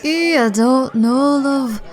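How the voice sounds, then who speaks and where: A woman's voice: sits high, slow pace, faint music behind. A woman playing a blunt, homely theatregoer who calls everyone love.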